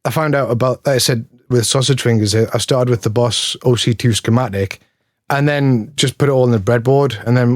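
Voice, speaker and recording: Man, Geordie accent, rambling casual chat, mid pitch, dry close recording. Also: brisk, no room sound. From Newcastle, England. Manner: rambling, self-deprecating, laughs often. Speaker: guest, pedal builder.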